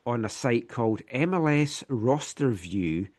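A man's voice: mid-range voice, expressive, unhurried, a little mellow. Man hosting a casual sports podcast. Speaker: podcast host. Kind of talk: casual sports news rundown.

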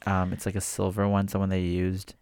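A young man co-hosting a casual radio music chat, relaxed, with lots of fillers. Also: low voice, a little fast, clear, resonant tone, no echo, studio quality. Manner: relaxed, laughs easily, many fillers. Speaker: co-host.

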